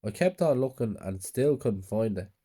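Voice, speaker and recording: A man's voice: fairly low pitch, animated, moderate pace, mellow. A man narrating a horror story in a subdued, plain storytelling way.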